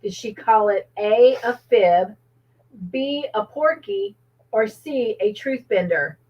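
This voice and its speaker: Cheerful woman trivia host, higher voice, unhurried delivery, dull lo-fi sound. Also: animated. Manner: cheerful, reads out viewers' comments and laughs often. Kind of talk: livestream trivia hosting.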